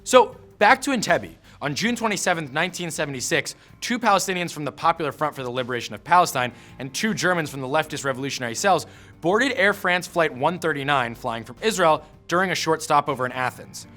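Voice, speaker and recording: A man's voice: a little high, expressive, quick pace, pushed and bright, faint music behind. A man giving scripted history narration in a punchy storytelling manner with wry asides.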